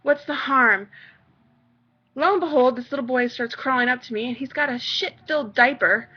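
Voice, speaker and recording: A woman's voice: high voice, fast talker, slightly rough, dull audio. A young mother ranting on her vlog, exasperated and swearing freely. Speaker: vlogger, mother.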